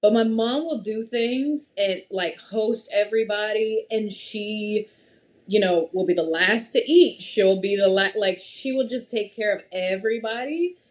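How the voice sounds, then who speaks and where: A woman in her thirties, a podcast guest in casual conversation, telling stories in an animated way and laughing often. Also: mid-range voice, a little slow. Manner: animated storytelling with frequent laughs.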